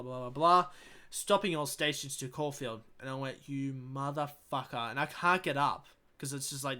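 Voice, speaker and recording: A man's voice: mid-range voice, bright, forceful tone. A young man with an Australian accent, telling a long story on his podcast in a rambling, casual way, swearing freely and acting out the people he quotes. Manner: rambling, swears freely, acts out both sides of quoted exchanges. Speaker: podcast host.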